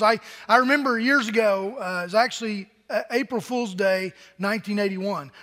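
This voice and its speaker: An older male pastor with a notably high voice tells a story from the pulpit, conversational and full of asides. His words ring out with a long reverb in a church hall. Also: pushed and bright. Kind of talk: sermon.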